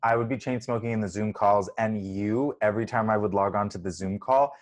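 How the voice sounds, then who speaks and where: A man with a fairly low voice co-hosts a podcast. He talks in loose, jokey chat that rambles along with plenty of fillers. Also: a little fast. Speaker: podcast co-host. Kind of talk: casual chat.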